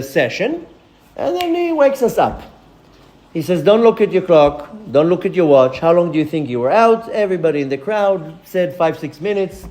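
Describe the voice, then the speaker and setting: A man, a rabbi, giving a lecture as a lively personal story, acting out the voices of the people in it. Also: a little high. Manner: animated storyteller acting out dialogue.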